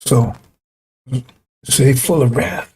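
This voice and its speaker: A man's voice: mid-range voice, very slow, darkish tone, slightly rough. A man preaching a broadcast sermon in a fiery, rambling way, often repeating and restarting his phrases.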